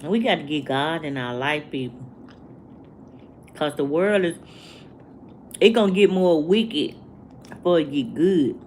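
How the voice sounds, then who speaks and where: A woman, talking to her livestream viewers in a slow, preachy way and asking the same rhetorical questions over and over. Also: low-pitched, expressive, a little mellow, a little hiss or hum. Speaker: vlogger. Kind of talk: casual livestream rant.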